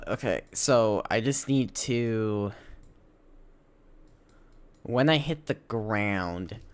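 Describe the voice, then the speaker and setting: Slow, low-voiced man thinking aloud. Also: smooth. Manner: thinks aloud, halting, self-correcting. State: sleepy, yawning. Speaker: game developer streaming. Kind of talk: casual live-stream coding talk.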